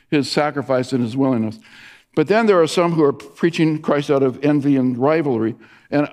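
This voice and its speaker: A man's voice: a little high, a little mellow. Man preaching, middle-aged, anecdotal sermon with stumbles and restarts, long hall reverb. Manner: storytelling with many restarts and fillers. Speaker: pastor.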